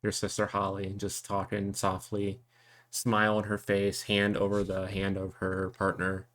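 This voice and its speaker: A man narrating as game master of a tabletop game, telling the scene to the players in a relaxed, second-person way. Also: low-pitched, a little slow.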